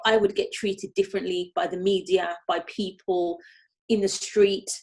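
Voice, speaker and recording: A woman's voice: medium pitch, steady tone, normal speed, darkish tone. Woman w/ light brummie accent, interview guest, reflective, keeps restarting her sentences. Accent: light Birmingham. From Birmingham, England. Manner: reflective, with frequent restarts and repeated phrases. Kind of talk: candid interview conversation.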